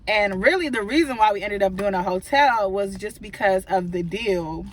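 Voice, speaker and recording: A woman's voice: medium pitch, normal speed, rough recording. A woman in her twenties from Maryland, hosting a casual storytime vlog from a parked car, rambling with lots of fillers. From Maryland, USA. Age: 20s. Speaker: vlogger host.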